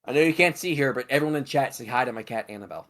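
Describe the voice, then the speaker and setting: A man's voice: mid-range voice, expressive, very fast, a bit bright. A man co-hosting a stream, giving strong opinions and swearing freely while talking about a video game. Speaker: stream moderator and co-host.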